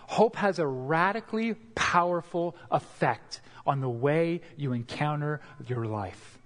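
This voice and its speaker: A man preaching a sermon as pastor, earnest and expressive, sometimes repeating words as he builds a point. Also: fairly high pitch. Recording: long hall reverb.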